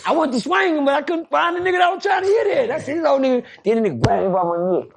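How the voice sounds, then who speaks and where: A man telling a prison story in casual chat, loud and profane, breaking into shouts. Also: extremely high pitch, expressive, very fast, gravelly, a little hiss or hum. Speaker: podcast guest storyteller.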